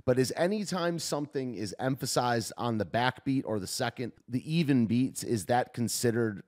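A man's voice: mid-range voice, animated, moderate pace, a little mellow. A man hosting a video, giving tentative, off-the-cuff commentary as he thinks aloud and reacts to a clip.

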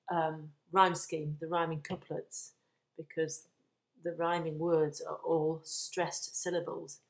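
Slow, low-voiced woman teaching poetry. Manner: slow, deliberate explaining with stressed emphasis. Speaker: English literature teacher. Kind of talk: recorded revision lesson.

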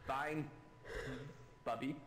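A man voicing a strange male security guard in a game video, flat and full of absurd non-sequiturs. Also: mid-range voice, drawn-out words, roomy sound. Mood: deadpan.

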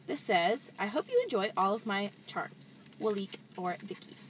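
A young woman from the United States chatting excitedly in a casual unboxing vlog, filmed on a camera set down inside a parked car. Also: medium pitch, moderate pace, slight background noise. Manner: bubbly, chatty, apologetic, many "like" and "really". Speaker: vlogger. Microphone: handheld camera set down on the dashboard.

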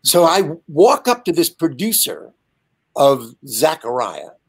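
A man in his seventies, a guest telling a lively, animated anecdote over a video call. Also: fairly high pitch, slow, slightly rough. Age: 70s. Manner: lively, animated storyteller with frequent asides. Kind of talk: casual anecdote storytelling.

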